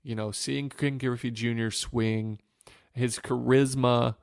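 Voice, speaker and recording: A man in his thirties from Northwest Ohio, reflecting on his career in a podcast interview. His voice is gravelly yet smooth and resonant, and he circles back over his words with fillers and restarts. The sound is dry and close. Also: mid-range voice, fairly even intonation, slow, darkish tone, dry recording. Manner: emotional, reflective storytelling with many fillers and restarts. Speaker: guest, former pro pitcher.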